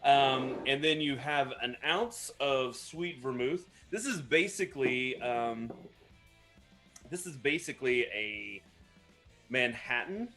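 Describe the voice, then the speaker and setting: A man with a mid-range voice speaks slowly in a sharp tone over soft background music. Co-hosting a casual live stream, he mixes cocktails and rambles through his explanation, joking at his own expense.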